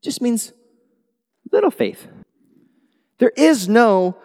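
A male pastor preaching a sermon in a church, animated, swinging from quiet asides to loud exclamations. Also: extremely high pitch, slow. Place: church sanctuary. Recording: long hall reverb.

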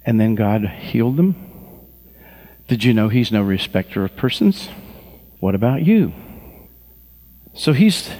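A man preaching a sermon, telling stories with fervent, lively delivery and leading the congregation in prayer. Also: medium pitch, big-room sound. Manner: fervent preaching, acts out voices of people he describes; slow, drawn-out prayer at the close. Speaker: pastor.

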